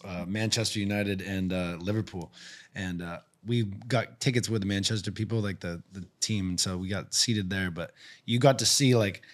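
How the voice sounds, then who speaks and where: A man's voice: sits low, normal speed. A man hosting a podcast, talking in long rambling runs with frequent restarts. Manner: rambling, restarts often, animated storytelling. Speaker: podcast host. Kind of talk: casual podcast chat.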